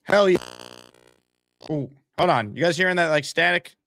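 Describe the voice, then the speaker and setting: A man hosting a live sports talk stream, energetic and hyping his audience. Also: a little high, a little fast, gravelly, no echo, soft background music. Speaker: sports talk show host. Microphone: streaming setup mic.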